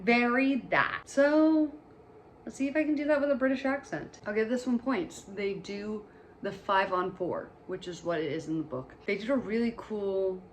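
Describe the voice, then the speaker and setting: A woman's voice: mid-range voice, slight background noise. A woman giving casual, chatty movie commentary, gushing and joking as she talks. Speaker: movie reviewer.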